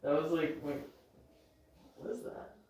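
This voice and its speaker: A woman's voice: unhurried, darkish tone, distant mic, a little hiss or hum. A woman reacting as a chiropractic patient, exclaiming and laughing between her words in a clinic treatment room. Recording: echoey room.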